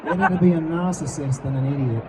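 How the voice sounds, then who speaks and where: A man's voice: a little high, fast, recorded from a distance, a crowd in the background, noisy background. A man co-hosting a live convention talk on tabletop character creation, chatty and playful, explaining with acted examples. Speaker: co-host teaching character creation. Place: convention stage.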